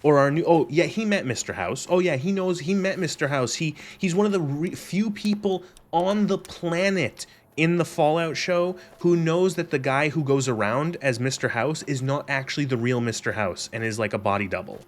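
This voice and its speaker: A man's voice: fairly high pitch, normal speed, hardly any pauses. A young man on a gaming stream, rambling sarcastically with lots of swearing and laughter. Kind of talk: casual gaming stream commentary.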